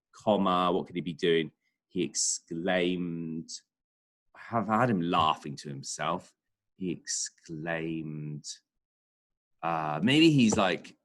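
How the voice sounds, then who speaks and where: A male primary school teacher with a low-sitting, fairly bright voice chats and thinks aloud while writing a lesson. It's a remote writing lesson.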